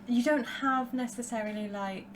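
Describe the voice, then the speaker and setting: A woman's voice: fairly high pitch, moderate pace, a little hiss or hum. Rambling British woman, podcast guest. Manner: rambling, full of "like" and restarts. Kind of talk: casual chat.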